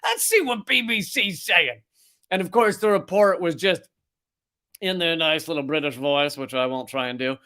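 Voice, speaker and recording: A high-pitched man tears into his subject in a heated, satirical rant. His talk is profane and sarcastic, full of scorn. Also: animated, normal speed, sharp tone. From United States. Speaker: comedy news show host. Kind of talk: ranting satirical commentary.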